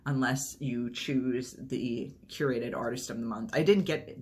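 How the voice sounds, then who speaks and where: A woman's voice: extremely low pitch, measured pace. A woman chatting casually through an unboxing video, rambling and gushing over each item. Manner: enthusiastic, gushing. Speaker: unboxing vlogger.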